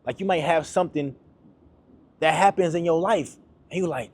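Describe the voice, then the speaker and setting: Husky-voiced man giving a pep talk. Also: a little high, normal speed, a little mellow. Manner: emphatic, repetitive, slangy and direct. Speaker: motivational YouTuber. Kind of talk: motivational talk to camera.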